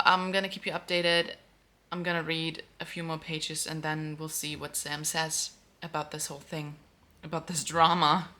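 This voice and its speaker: A woman reacting to a romance novel in a casual book vlog, animated and outspoken, swearing freely. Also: sits low. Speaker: book vlogger.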